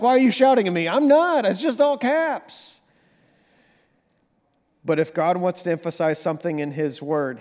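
A fairly high-voiced man delivers a sermon as a pastor, sliding from hushed, slow reflection to lively, emphatic bursts. His voice rings out with a long reverb tail, as in a church sanctuary. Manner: dynamic preaching, drops to near whisper then rises to animated emphasis.

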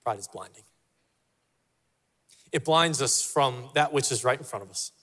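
A man's voice: medium pitch, moderate pace, bright, forceful tone, long reverb tail. A male pastor preaching a sermon in a church, emphatic and repeating his key phrases for weight. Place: church sanctuary.

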